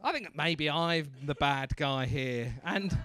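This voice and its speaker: A man working as the MC at a stand-up comedy night, bantering loudly with the crowd and mocking himself. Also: a little high, slow, clear, resonant tone. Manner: loud, swearing, self-mocking banter. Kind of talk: crowd work between acts. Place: comedy club.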